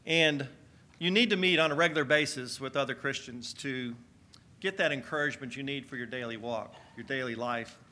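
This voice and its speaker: A man's voice: mid-range voice, a little fast, sharp tone. A man pastor preaching a sermon to his church, energetically calling on the congregation to answer back. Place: church sanctuary.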